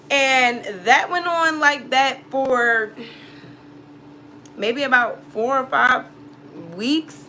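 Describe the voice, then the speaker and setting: A woman's voice: mid-range voice, sharp tone, a little hiss or hum. A woman who reads tarot, telling a personal story casually in a blunt, profane way, laughing often. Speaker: tarot reader.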